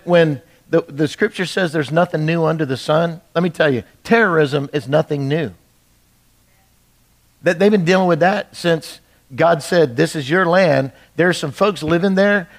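A male pastor preaching a midweek sermon in a church, talking in a conversational way, often repeating words as he builds intensity. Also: on the high side.

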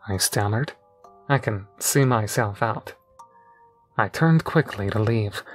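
A man narrating a horror story in a measured, deadpan way. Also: medium pitch.

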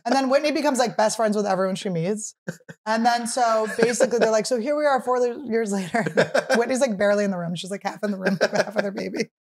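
A somewhat high-voiced woman in her thirties hosts a podcast. She tells a story in quick casual chat, full of "like" fillers. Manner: animated storytelling with many "like" fillers. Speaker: podcast host.

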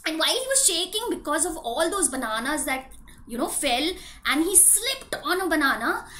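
A preschool teacher with a high-pitched voice tells a story to young children at a moderate pace. She is animated and often asks them questions.

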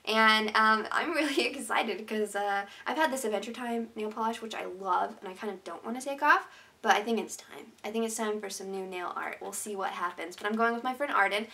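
A woman's voice: mid-range voice, brisk, gravelly, pushed and bright. A young woman vlogging to her viewers, emotional and sincere, talking openly with lots of "like" and restarts. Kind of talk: heartfelt casual vlog to viewers.

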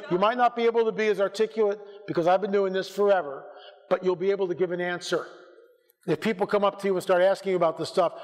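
High-voiced man preaching fiery exhortation. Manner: urgent, exhorting, builds to shouted rebukes. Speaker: conference speaker. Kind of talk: fiery conference lecture. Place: church auditorium. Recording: reverberant church hall.

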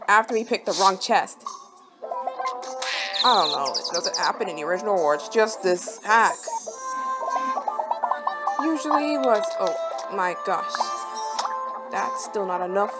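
A woman giving rambling, casual game commentary, breaking into sudden excited exclamations. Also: medium pitch, unhurried, pauses often. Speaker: gameplay commentator. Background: game music.

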